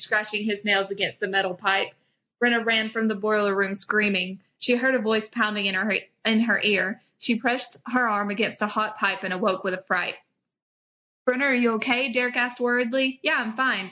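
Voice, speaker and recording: A young woman hosting a comedy podcast dramatically reads old fan fiction aloud, breaking into giggles. Her voice is medium-pitched, bright, and forceful.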